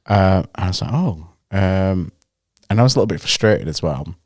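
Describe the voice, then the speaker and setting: Male co-host, low voice, very expressive storyteller, close and dry sound. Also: normal speed, no echo. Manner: animated anecdote-telling, acts out the people he quotes. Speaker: podcast co-host. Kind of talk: casual storytelling chat.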